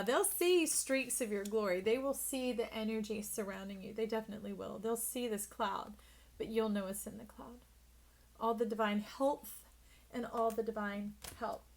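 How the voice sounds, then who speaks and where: A woman with a somewhat high voice leads an intuitive tarot reading. She speaks effusively and emphatically, addressing the listener directly. Now and then she drops into a hushed whisper. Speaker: tarot reader.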